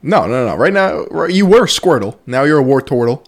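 A man's voice: medium pitch, sing-song, brisk. A man co-hosting a casual podcast, laid-back and hyping up his friend. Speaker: podcast co-host. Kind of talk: casual chat.

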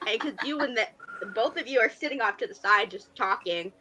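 Bright-voiced woman telling stories animatedly. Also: a little high, a little fast, low-quality recording. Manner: animated, acts out dialogue, swears freely. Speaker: podcast co-host. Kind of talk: casual chat, storytelling.

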